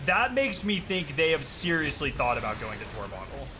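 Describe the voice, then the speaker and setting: A man streaming a game, chatting casually and excitably with plenty of slang and swearing. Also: a little high, moderate pace, noisy background. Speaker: gaming streamer. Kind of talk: casual chat over gameplay.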